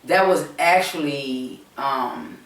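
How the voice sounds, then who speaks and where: Woman host, slow unhurried rambling chat to viewers, recorded off-mic in a roomy space. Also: deep voice, far from the mic. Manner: rambling, repetitive, many fillers, addresses viewers directly. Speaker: channel host. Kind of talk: casual storytelling chat. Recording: roomy echo, speaking away from the mic.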